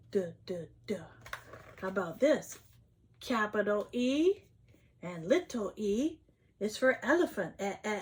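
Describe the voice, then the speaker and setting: A woman's voice: mid-range voice, slight background noise. A woman reading an alphabet picture book aloud to young children, sounding out each letter and gasping with delight when she lifts the flaps. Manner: slow, sing-song phonics sounding out, gasps at flaps. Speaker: children's read-aloud host.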